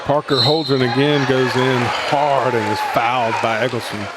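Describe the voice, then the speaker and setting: A man gives live play-by-play of a basketball game, tracking each pass in a steady, medium-pitched running call. Bouncing balls and gym ambience come through clearly behind him. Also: very noisy. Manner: steady running call with quick self-corrections. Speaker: play-by-play announcer. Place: high school gym.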